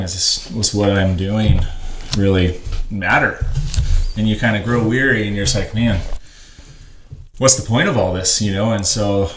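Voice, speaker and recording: A man earnestly telling a personal story on a podcast, rambling and full of "like". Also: on the low side. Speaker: ministry worker on a podcast. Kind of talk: casual storytelling. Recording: roomy echo, faint noise.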